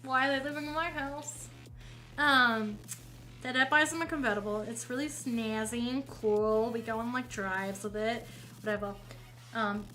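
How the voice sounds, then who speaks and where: Bright high-voiced woman streamer. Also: poor audio. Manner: rambling, self-correcting storyteller. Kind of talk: casual story time while painting. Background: faint music.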